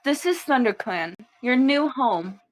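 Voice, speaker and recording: A woman's voice: high-pitched, lively intonation. A woman voicing a commanding she-cat clan leader. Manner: measured and commanding. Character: calm authoritative female clan leader cat. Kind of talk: voiced fan-made cat movie.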